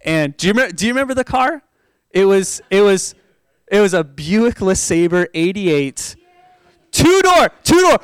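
Animated pastor with a high, smooth voice. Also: male voice, normal speed, dry recording. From Oregon, USA. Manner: animated, laughing often, acting out the voices of people he quotes. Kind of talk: storytelling sermon.

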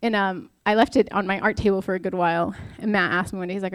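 A woman's voice: mid-range voice, racing, hardly any pauses, no room sound. Young woman giving a casual devotional talk, chatty and candid, dry close sound. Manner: chatty and candid, with many fillers and rhetorical questions. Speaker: speaker at a church talk. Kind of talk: informal devotional talk with personal stories.

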